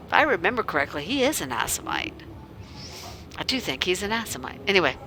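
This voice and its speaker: A woman's voice: on the low side, sing-song, fast, pushed and bright, slight background noise. A woman narrating her character in the first person during a tabletop game, wry and sardonic, often dropping into a whisper. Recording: clear music behind.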